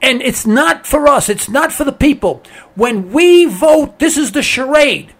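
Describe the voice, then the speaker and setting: A man with a very high, gravelly voice rants bluntly and sarcastically. His pitch swings widely as he repeats his points with emphasis. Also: animated, measured pace. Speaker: political commentator. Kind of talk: ranting monologue.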